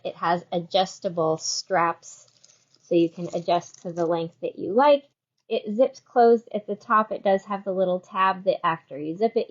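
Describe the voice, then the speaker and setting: A woman hosting a yarn shop's live show, chatting casually and walking through products with quick, rambling asides. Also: lowish voice, muffled recording. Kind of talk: casual chat with product demo.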